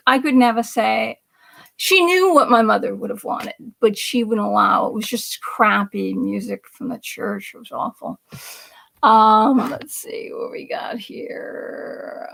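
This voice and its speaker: A middle-aged woman hosting a chatty political livestream, reading viewer comments aloud. Her voice sits high, with a gravelly fry through it. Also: a bit bright. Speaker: livestream host.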